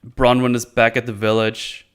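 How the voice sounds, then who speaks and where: A man's voice: medium pitch, little pitch movement, normal speed, a bit bright, smooth. Male reviewer, casual profane rant, sarcastic mockery. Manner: profane, sarcastic, mocks characters in silly voices. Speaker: video reviewer.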